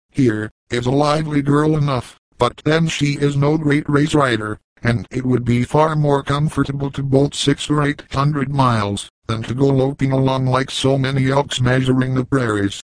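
A man's voice: mid-range voice, fairly even intonation, moderate pace, few pauses, no room sound, natural voice, poor audio. A man voicing a blunt, practical young frontier bee hunter with plain, folksy talk.

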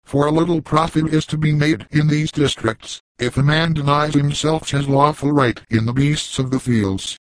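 A man voicing an old frontier trapper, grave and kindly, who speaks in slow, measured, formal old-fashioned sentences. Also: fairly high pitch, fairly even intonation, no echo, lightly acted, poor audio. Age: older.

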